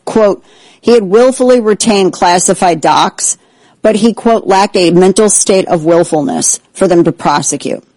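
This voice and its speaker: A woman hosts a political talk show with indignant, sarcastic energy. Her voice sits at an ordinary middle pitch. The sound is dry and close, with no room around it. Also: measured pace, a little mellow, no echo, rough recording. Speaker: political commentary host. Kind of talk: opinionated talk show commentary.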